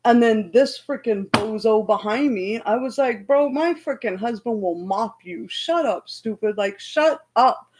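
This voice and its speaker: A woman hosting a livestream, loudly and heatedly retelling an argument in casual talk. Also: a little high, animated, a little slow, few pauses, low-quality recording. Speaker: livestream host.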